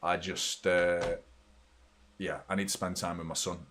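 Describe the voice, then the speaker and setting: Sweary fan hosting a live match watchalong. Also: male voice, low-pitched, unhurried, a little hiss or hum. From United Kingdom. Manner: blunt, sweary, excitable when play heats up. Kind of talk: live match reaction and chat.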